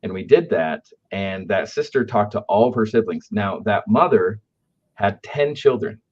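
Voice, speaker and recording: Low-voiced man telling business anecdotes. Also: lively intonation, normal speed, darkish tone, breathy edge. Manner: anecdotal, keeps asking "right?". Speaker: aftercare company speaker. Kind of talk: conversational business storytelling. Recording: dull lo-fi audio.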